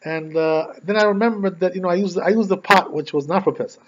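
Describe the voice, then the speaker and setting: A man's voice: high-pitched, quick pace, background noise, pitched above the performer's own voice, close to an everyday voice. A man putting on an anxious tearful housewife. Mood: worried. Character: upset tearful woman, a worried housewife. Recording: dull lo-fi recording.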